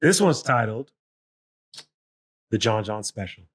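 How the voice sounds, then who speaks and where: A man's voice: fairly low pitch, animated, slow pace, breathy edge. Easygoing man hosting a podcast. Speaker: podcast host. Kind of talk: casual podcast chat.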